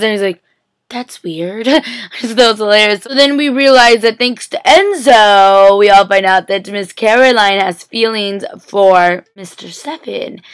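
Recorded dry through a laptop webcam mic, this young woman's voice is medium-pitched, a bit bright, clear and resonant. It's four a.m. and she's sleepy and giggly, rambling through a chatty TV episode recap with heavy use of "like".

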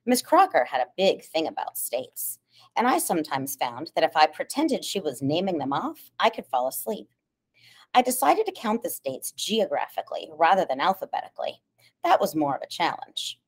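A woman narrating a novel in the first person, with measured, hushed storytelling. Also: sits low, very animated, slightly rough. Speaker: audiobook narrator.

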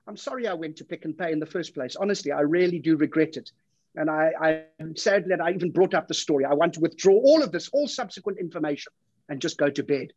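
A South African man hosting an awards gala with a deadpan, self-mocking stand-up routine that keeps building into exasperation. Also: a little high, breathy edge, dry recording, dull audio. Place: home studio for a virtual event.

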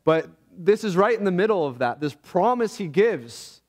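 An earnest man preaching in church, his voice sitting a little higher than most men's. He speaks reflectively, often halting and restarting as he works through his thoughts. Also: sing-song. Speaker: pastor. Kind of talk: sermon.

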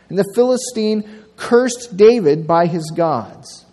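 A male pastor preaching a sermon, telling a story with lively delivery and acting out the quotes. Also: high voice, takes it slowly. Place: church sanctuary. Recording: long church reverb.

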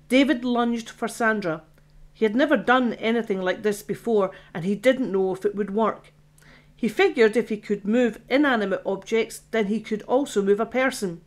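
A woman, the author, reading her own science fiction horror audiobook in a steady storytelling manner. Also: a little high, moderate pace. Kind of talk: audiobook narration.

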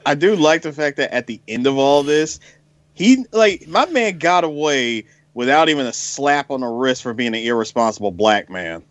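A man's voice: medium pitch, lively intonation, moderate pace, no room sound. Insistent man, dry close sound. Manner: insistent, cuts in to make his point. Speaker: podcast co-host. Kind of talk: casual chat.

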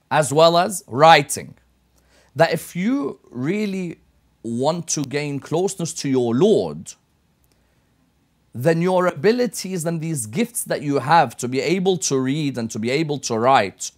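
Measured British man explaining. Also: on the high side. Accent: British English. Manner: measured, explanatory, builds lists. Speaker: guest scholar. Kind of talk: studio discussion, lecturing. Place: TV studio.

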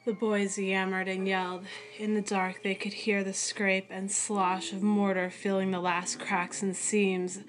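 A woman reading a story aloud as narrator, in a measured, steady manner. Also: mid-range voice. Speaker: audiobook reader.

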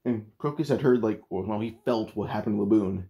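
Guy casually retelling a fan story, kinda low mellow voice, lots of "like" and restarts. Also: a little fast. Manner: rambling, full of "like" and restarts.

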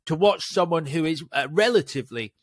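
A man's voice: a little high, animated, a little fast, dry recording, clean studio sound. A man hosting a film podcast, asking questions with frequent stammers and repeated words. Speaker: podcast host. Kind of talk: interview chat.

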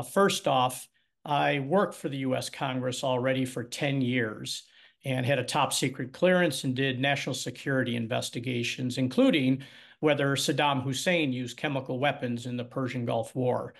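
A man's voice: medium pitch, gravelly. A man who is a congressional candidate speaks assertively over a video call at a forum, stressing his experience and qualifications. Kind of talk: candidate forum opening statement.

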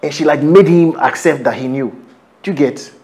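A man's voice: fairly high pitch, normal speed, darkish tone, lightly acted. A Nigerian man playing an uneasy confiding husband. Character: worried husband confiding in a friend.

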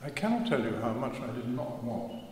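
A man's voice: medium pitch, very animated, a little mellow. Older guy, wry storyteller, church talk, lots of room reverb, faint hiss. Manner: wry, self-mocking, measured. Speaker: speaker giving a testimony talk. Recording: echoey church hall.

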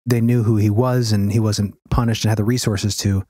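A man's voice: on the low side, level tone, a little fast, dark tone, no room sound, clean studio sound. A man co-hosting a podcast, chatting casually and a bit hesitantly as he explains history. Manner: rambling, hesitant, with fillers. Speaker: podcast co-host.

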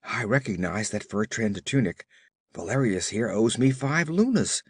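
A man reading a blurting rough frontier soldier. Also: fairly low pitch, big pitch swings, moderate pace, no echo, clean studio sound, full character voice. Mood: excited. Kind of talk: audiobook character reading.

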